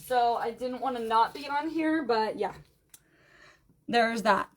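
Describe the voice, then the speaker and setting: Selling jewelry on a live stream, a woman speaks slowly in a fairly high voice, friendly and chatty despite seeming weary and low-energy. She keeps calling out viewers by name and going back over item numbers repeatedly.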